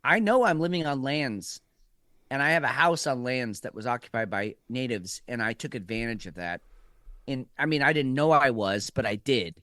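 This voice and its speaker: A man's voice: medium pitch, moderate pace, sharp tone, no echo, clean studio sound. A man co-hosting a casual political chat, rambling and profane, with frequent restarts. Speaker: podcast co-host.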